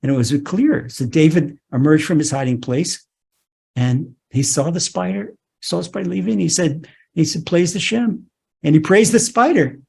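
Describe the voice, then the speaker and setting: A man teaching as a rabbi, telling a scripture story in an animated way, restarting phrases and saying "okay" often. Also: a little high, moderate pace, gravelly, husky.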